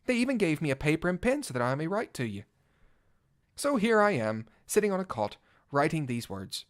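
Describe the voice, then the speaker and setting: A man's voice: on the high side, sing-song, brisk. A man voicing a vain, gallant male cat-knight bard in a fan audio drama, speaking in flowery, old-fashioned words and shifting from pompous to flustered. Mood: dramatic. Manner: theatrical, swinging from pompous to flustered. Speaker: narrator. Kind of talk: first-person fan audio drama reading.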